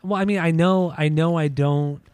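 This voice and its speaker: A man's voice: a little high, steady tone, normal speed, a little mellow, clean tone, no echo. A young man co-hosting a casual podcast, teasing his friend with dry humor and frequent laughs. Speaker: podcast co-host.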